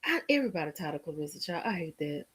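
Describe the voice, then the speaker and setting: A woman hosting a casual live stream, reacting to viewer comments in an animated way. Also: low-pitched, rapid-fire, slightly rough. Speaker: livestream host.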